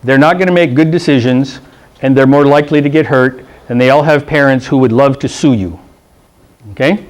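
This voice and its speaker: In a meeting room, a middle-aged man teaches football officials a rules class, blunt and joking, checking in with "okay?" and doing coaches' lines in funny voices as he tells anecdotes. He speaks a little fast in a mid-range voice.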